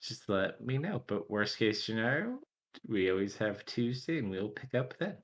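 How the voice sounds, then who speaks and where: A man's voice: lowish voice, very animated, normal speed, fairly bright tone. A man narrating as game master in a tabletop game, loose and full of fillers.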